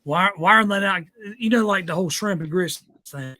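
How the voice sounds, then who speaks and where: A man's voice: high voice, moderate pace, pushed and bright, dry recording. A man in casual chat, joking and teasing with some swearing. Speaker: podcast co-host, musician.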